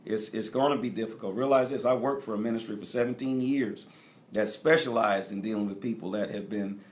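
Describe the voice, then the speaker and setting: A middle-aged man preaching as a bishop, speaking directly to his congregation and repeating key phrases for emphasis. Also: medium pitch. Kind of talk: teaching sermon.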